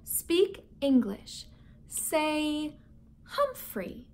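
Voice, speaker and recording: A woman reading a storybook aloud, voicing a shy, gentle schoolgirl in a hushed, soft manner. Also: sits high, animated, slow, heavily acted. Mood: coaxing.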